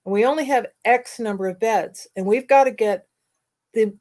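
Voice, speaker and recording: A woman with a fairly high voice tells a story in a blunt, animated way. She sounds exasperated as she hosts a casual talk. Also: normal speed. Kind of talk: casual conversation.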